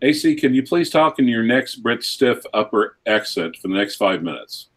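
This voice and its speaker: A man from Oklahoma, co-hosting a livestream and reading out viewer donations and time checks in a relaxed way. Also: mid-range voice, normal speed. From Oklahoma, United States. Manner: relaxed, reads out donations and timekeeping. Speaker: co-host reading viewer messages. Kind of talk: casual livestream chat.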